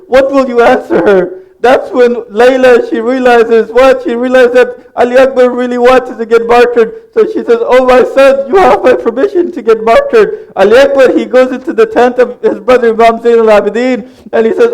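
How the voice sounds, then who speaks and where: A man with a high voice delivers an earnest religious sermon. He speaks straight to the congregation, recounting the story and giving each character's lines as quoted dialogue. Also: steady tone, normal speed, few pauses, a little mellow, poor audio. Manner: earnest, addresses the congregation directly; retells dialogue in quoted speech. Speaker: preacher.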